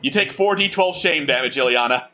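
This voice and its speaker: A man's voice: on the high side, lively intonation, brisk, sharp tone, a little hiss or hum. A man running a tabletop game as dungeon master, narrating with dry jokes.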